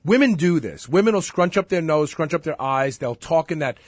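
A man co-hosting a podcast in casual chat, opinionated and animated, often restarting his sentences. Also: fairly high pitch, moderate pace, dry recording, studio quality. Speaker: podcast co-host.

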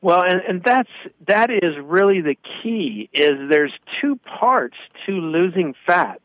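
A man in his fifties talks on radio, animating his stories with quick back-and-forth voices. His voice sits a bit high. The sound is dry and close but somewhat dull and muffled. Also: dry recording. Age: 50s. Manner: animated storyteller, acts out both sides of anecdotes. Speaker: radio show co-host. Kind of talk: casual radio talk.

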